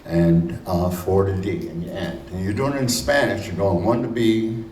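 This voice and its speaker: A man giving a conversational conference lecture, full of fillers and slowing to stress points. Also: low-pitched, steady tone, a little mellow. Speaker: conference speaker. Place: conference hall. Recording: roomy hall, distant mic, faint noise.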